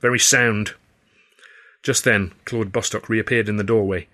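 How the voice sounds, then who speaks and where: A man narrating his own novel in the first person, in a wry, measured storytelling manner. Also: on the low side, fairly even intonation, a bit bright. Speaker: author reading his novel.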